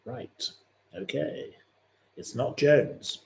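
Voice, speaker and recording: A man's voice: mid-range voice, very animated, very slow, creaky. Chatty man hosting a quiz. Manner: chatty, rambling, opinionated asides. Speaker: livestream host. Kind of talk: casual live-stream quiz chat.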